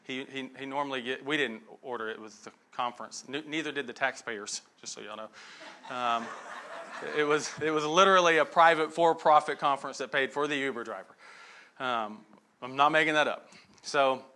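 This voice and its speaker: A man's voice: medium pitch, normal speed, bright, forceful tone. A middle-aged man giving a conversational sermon, telling stories and checking in with frequent asides to the listeners.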